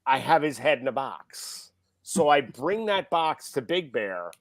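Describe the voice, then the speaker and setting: Speaking at a measured pace in a mid-range voice, a middle-aged film director tells a casual story as a podcast guest, recorded dry. He stays animated, acting out the quoted people.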